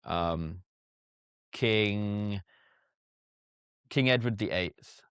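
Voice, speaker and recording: A young English man, a podcast guest, chatting casually with laughing asides and quick restarts. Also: fairly low pitch, fairly bright tone, clear, resonant tone, dry recording. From England. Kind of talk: casual interview chat.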